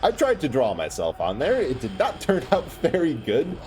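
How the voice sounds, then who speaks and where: A man's voice: medium pitch, wildly swooping pitch, moderate pace, darkish tone, soft background music. A man streaming live, giving rambling, chatty gameplay commentary and laughing often.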